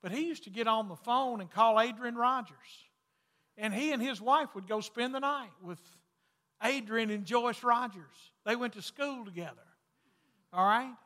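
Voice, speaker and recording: A man preaching a folksy sermon as pastor, swinging between loud calls and hushed, intimate lines. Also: very high-pitched, normal speed, in a large hall.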